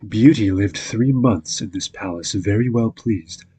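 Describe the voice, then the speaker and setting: A man reading a fairy tale aloud as a calm, measured bedtime story narrator. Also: on the low side, a little hiss or hum.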